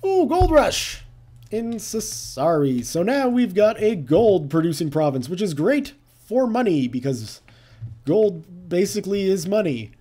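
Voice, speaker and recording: Chatty man with a lively voice. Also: sits high, unhurried. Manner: chatty, thinking aloud, playful asides. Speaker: gameplay commentator. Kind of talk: casual let's-play commentary.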